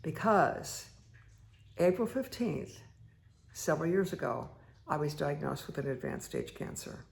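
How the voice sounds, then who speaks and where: Woman meditation host, heavy vocal fry, chatty storyteller who rambles with lots of fillers. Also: sits low, big pitch swings, unhurried, a little mellow. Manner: rambling, many fillers and asides. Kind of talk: casual personal storytelling.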